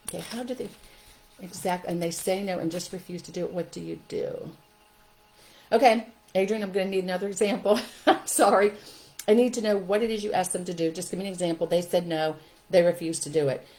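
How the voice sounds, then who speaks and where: A woman's voice: on the low side, warm tone, low-quality recording. An older woman hosting a live talk, giving parenting advice in a chatty way, laughing often and reading viewer comments aloud. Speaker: host.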